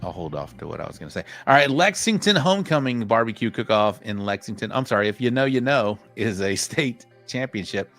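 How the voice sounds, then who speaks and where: A man's voice: on the low side, sing-song, fairly quick, few pauses, a bit bright, soft background music. A man hosting a live online show, reading out a list of upcoming events in a rambling, self-correcting way. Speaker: podcast host.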